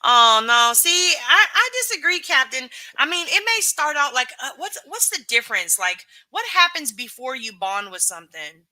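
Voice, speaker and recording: A woman's voice: high-pitched, very animated, moderate pace, hardly any pauses, sharp tone, no echo. A woman hosting a live stream, reading chat and giving her candid, emphatic opinions with casual swearing.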